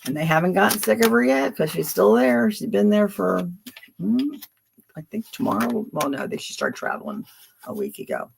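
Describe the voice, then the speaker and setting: A woman's voice: mid-range voice, very animated, normal speed, gravelly, slight background noise. A woman in her seventies from Philadelphia, reading tarot on a livestream and chatting casually, rambling from story to story with frequent laughter. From Philadelphia, USA. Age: 70s. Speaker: tarot reader hosting a livestream.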